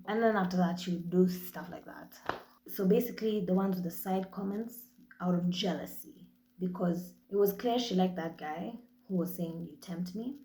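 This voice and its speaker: A young Kenyan woman talks straight into her podcast mic, blunt and cheerfully profane. Her voice sits mellow and a little dark, and the room around her rings with echo. She tells her stories in a lively, animated way. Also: fairly low pitch, moderate pace. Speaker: podcast host. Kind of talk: casual monologue.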